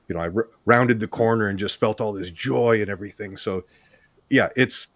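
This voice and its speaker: Low-voiced chatty male host, dry sound. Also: fairly quick, dry recording. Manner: lively, chatty storyteller. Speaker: podcast host. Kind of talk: casual interview chat.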